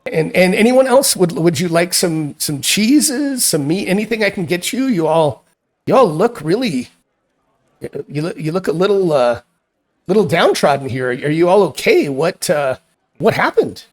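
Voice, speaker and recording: A man's voice: high voice, very animated, moderate pace, pitched above the performer's own voice. Man putting on a fretful woman innkeeper. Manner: hesitant, stammering, fretful. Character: fussy middle-aged woman innkeeper.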